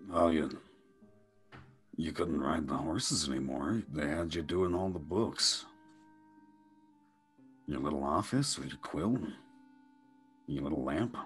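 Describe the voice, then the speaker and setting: A man playing a character in a tabletop game who gently reminds a ghost of his past chores in a conversational way. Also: a bass voice, takes it slowly, pauses often, faint music behind. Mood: reminiscing. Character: man recalling a dead friend's chores. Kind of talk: in-character role-play.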